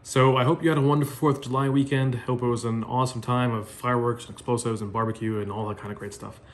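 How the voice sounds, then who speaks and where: A man's voice: medium pitch, fairly even intonation, fast. A man, a psychiatrist talking straight to the viewer in a friendly, reassuring way that rambles with restarts. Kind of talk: direct-to-camera health talk.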